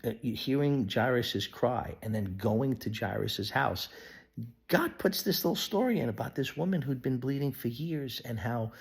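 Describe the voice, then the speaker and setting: A man giving an earnest devotional Bible teaching, sometimes dropping to a hushed whisper. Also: mid-range voice, expressive, normal speed, vocal fry, slightly rough. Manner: acts out quoted voices of people in the story. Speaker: pastor.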